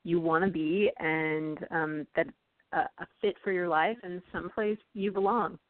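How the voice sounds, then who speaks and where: A woman's voice: on the low side, fairly even intonation, normal speed, no echo. A woman from California, an author, talking through her book in a casual interview with many ums and you-knows. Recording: tinny, dry phone-line audio.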